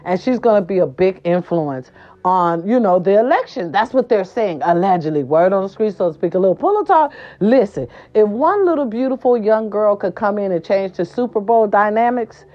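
Sassy hoarse woman dishing gossip. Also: mid-range voice, normal speed, lo-fi sound. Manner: sassy, animated, swears freely. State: hoarse from a sore throat. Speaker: host. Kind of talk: casual gossip talk show.

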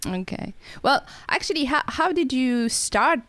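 A woman's voice: high voice, measured pace, no echo. A woman from France whose first language is French. She speaks English with a mix of French and Australian accents, hosting an interview casually and laughing often. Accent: French mixed with Australian. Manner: laughs often, relaxed and friendly. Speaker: podcast host.

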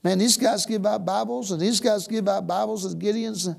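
A man's voice: sits high, fairly even intonation, moderate pace, gravelly, darkish tone. An American man preaching a sermon, exclaiming bursts of praise and dropping suddenly to a whisper. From United States.

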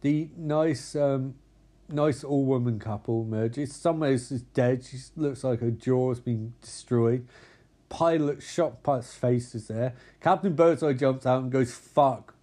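A man's voice: mid-range voice, unhurried. A man, casually recapping a film and acting out the characters' lines. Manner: animated, acts out characters' lines, swears a lot. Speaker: film commentator.

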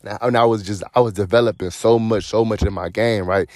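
Young male podcast host, animated storyteller, low-ish voice, dry close-miked sound. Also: fast, dry recording. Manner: animated, slangy, profane, acts out quoted dialogue. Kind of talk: casual storytelling.

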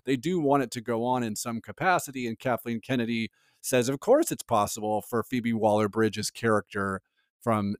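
Animated man in a dry-sounding podcast chat. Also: on the low side, no room sound. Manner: animated, laughs often, lots of fillers. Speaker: podcast co-host. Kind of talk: casual pop-culture chat.

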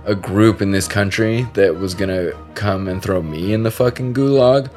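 A man's voice: on the low side, moderate pace, a little mellow, soft background music. A man hosting a podcast, chatting casually and crudely, joking and laughing often. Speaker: podcast host. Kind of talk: casual comedic chat.

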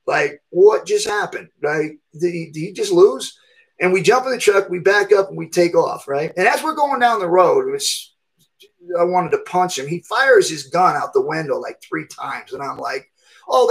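A middle-aged man, a fighter, telling a story in a casual, animated way, acting out other people's voices and punching out sound effects. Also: on the high side, low-quality recording.

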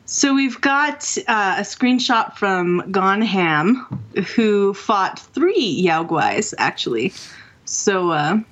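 A woman's voice: medium pitch, sing-song, slow, a bit bright, dull audio. Chatty woman co-hosting a gaming show. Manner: chatty, enthusiastic, laughs easily. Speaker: podcast co-host. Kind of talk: casual gaming chat. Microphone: remote call mic.

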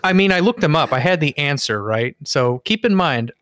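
Man, podcast co-host, higher-pitched voice, dry close sound, animated storytelling, casual swearing. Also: normal speed, no room sound.

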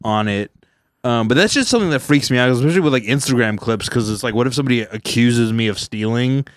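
A man's voice: medium pitch, fast talker, no echo, studio quality. A young man from Southern California, a stand-up comedian hosting a podcast, chatting loosely and acting out bits in silly voices. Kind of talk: casual chat.

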